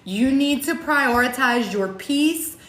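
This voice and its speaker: A somewhat high-pitched woman talks in an earnest, emphatic way, driving her points home with repetition and the odd curse. The sound is roomy, with echo off the walls around her. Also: lively intonation, takes it slowly, fairly bright tone. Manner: emphatic, repetitive, swears casually. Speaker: co-host of a motivational talk show. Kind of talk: heartfelt motivational chat. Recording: echoey room.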